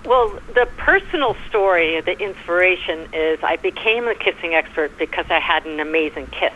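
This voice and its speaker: A woman with a New York accent speaks with lively, playful animation, telling her stories with flair. She comes through a dull, lo-fi phone-style line with a faint hiss behind her. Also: fairly low pitch, normal speed. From United States. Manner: animated, flirtatious storyteller. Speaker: guest. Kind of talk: phone-in interview.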